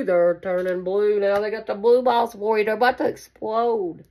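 A woman's voice: medium pitch, fairly even intonation, moderate pace, hardly any pauses, mellow. A woman giving a casual tarot reading to camera, chatty and affectionate, calling her listeners baby. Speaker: tarot card reader.

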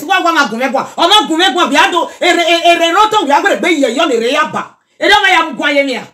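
A middle-aged Nigerian woman chatting casually in a reaction vlog, animated and scolding by turns. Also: high voice, fast talker, hardly any pauses. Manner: animated, mixes pidgin and Yoruba, scolding asides. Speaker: social media commentator.

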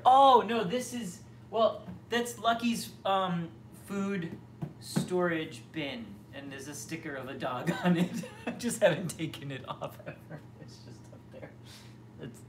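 A man's voice: high voice, animated, unhurried. A young man chats through a casual livestream from his kitchen at home, answering viewers' comments as they come. He rambles and restarts his sentences, with plenty of ums. A faint hum runs under the home recording. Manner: chatty, rambling, many fillers and restarts. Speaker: livestream host. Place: home, near the kitchen fridge.

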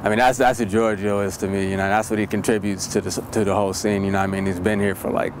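A man's voice: on the low side, little pitch movement, fast, noisy background. Rambling man reminiscing outdoors. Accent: Seattle. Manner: loose, rambling, many "you know what I mean". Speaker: interviewee. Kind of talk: casual reminiscing interview.

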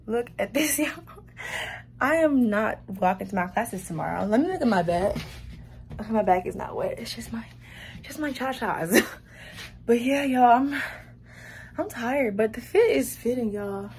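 A woman's voice: a little high, expressive, normal speed, pauses often, darkish tone, slight background noise. Chatty young woman vlogging, out of breath. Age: young adult. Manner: chatty, laughs often, says y'all a lot. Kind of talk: casual vlog chat to camera.

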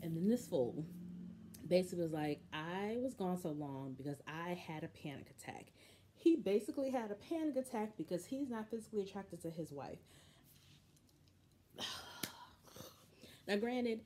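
A woman with a low, mellow voice talks through a reality show episode in a casual recap, full of opinion and lively storytelling. Her delivery is chatty and animated, and a faint hiss sits under the recording.

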